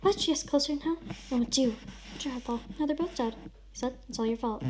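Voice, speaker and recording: Woman, high voice, over-the-top dramatic reading, casual asides, noisy recording. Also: a little fast. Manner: over-the-top dramatic reading, shouts and sobs in the big lines. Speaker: vlogger reading a friend's writing. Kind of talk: melodramatic read-aloud with casual commentary.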